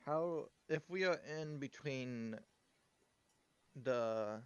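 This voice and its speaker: A man at a tabletop game speaks slowly and deliberately in a smooth voice. The audio is dry and somewhat dull. He thinks through his questions as he goes. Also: medium pitch, dry recording. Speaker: player. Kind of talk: casual tabletop play.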